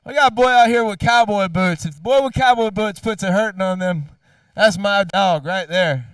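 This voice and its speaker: A man doing loud, teasing live commentary at an outdoor racetrack. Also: sits high, moderate pace, clean tone, dry recording, distant mic. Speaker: track announcer. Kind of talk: live trackside hype commentary.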